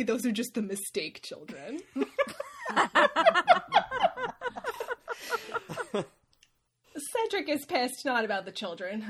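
A woman's voice: fairly high pitch, slight background noise. A woman host giving a wry, irreverent comedic recap of a fantasy novel. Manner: wry, irreverent, laughs often. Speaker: podcast host.

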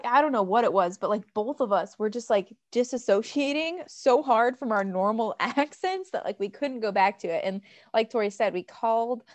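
A young American woman co-hosting a casual chat, giggly and animated, full of fillers. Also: medium pitch, no room sound. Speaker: podcast co-host.

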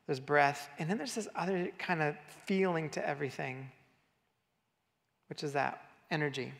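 A man's voice: a little high, gravelly, fairly bright tone. A man preaching a casual, conversational sermon and directing his congregation, talking loosely with fillers. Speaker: pastor. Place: church hall. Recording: reverberant hall.

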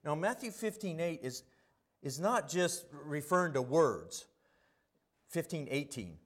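A middle-aged man preaching a sermon, telling stories and swinging between quiet asides and loud emphasis. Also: on the high side, sing-song, a little slow.

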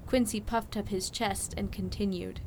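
A woman narrating a children's audiobook with slow, clear storytelling. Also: mid-range voice, steady tone, slight background noise, rough recording.

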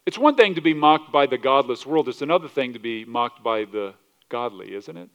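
A male pastor preaching a sermon, animated, asking rhetorical questions and often restarting his words. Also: medium pitch, a little fast, dull audio. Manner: animated, rhetorical questions, acts out quoted voices; repeats words and restarts mid-sentence.

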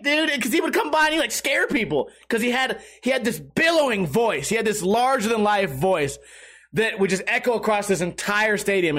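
High-voiced man ranting on a podcast. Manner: profane, animated, breaks into loud shouted impressions. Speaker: podcast host. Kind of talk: casual rambling chat. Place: at home.

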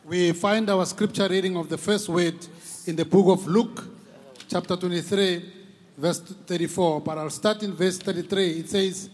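A South African man preaching a passionate sermon as pastor, repeating key phrases and rising to shouts for emphasis. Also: high voice, fairly even intonation, normal speed. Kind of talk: impassioned sermon. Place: large church hall. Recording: long reverb of a large church hall.

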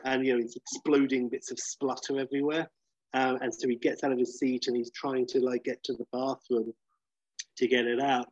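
A man on a podcast pitching a film idea in casual comedic chat. He tells the story animatedly, with lots of fillers, and acts out the scenes as he goes. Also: level tone, normal speed, no room sound. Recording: dry, slightly dull lo-fi sound.

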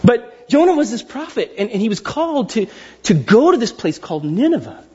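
Lively, high-voiced joking pastor. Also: male voice, a little fast, breathy edge, long reverb tail, lo-fi sound. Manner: animated storyteller who acts out quotes with jokes. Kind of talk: casual sermon.

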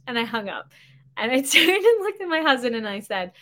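A woman in her thirties hosting a podcast, telling a story in a chatty, animated way and acting out the dialogue. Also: fairly high pitch, a little fast. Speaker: podcast host. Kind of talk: casual storytelling monologue.

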